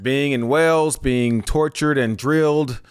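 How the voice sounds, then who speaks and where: A man hosts a casual podcast. He sounds laid-back and folksy, and his words sometimes come out fast. His voice is at a middle pitch. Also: clean tone. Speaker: podcast host.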